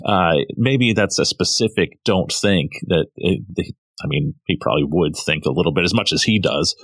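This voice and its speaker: A man co-hosting a podcast in casual discussion, relaxed and laughing often between his points. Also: low voice, moderate pace, breathy edge, no room sound. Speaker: podcast co-host. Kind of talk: casual discussion of a manga chapter.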